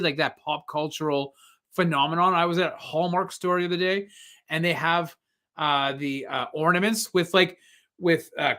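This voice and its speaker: Man, 40s, from Canada, podcast co-host; high, bright voice, animated retelling. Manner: animated, laughing while retelling scenes. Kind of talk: casual chat.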